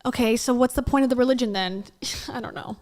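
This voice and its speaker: High-voiced sarcastic woman reacting. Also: a little fast, a little mellow. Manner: sarcastic, blunt, swears, laughs often. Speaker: commentary YouTuber reacting to a clip. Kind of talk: reaction commentary.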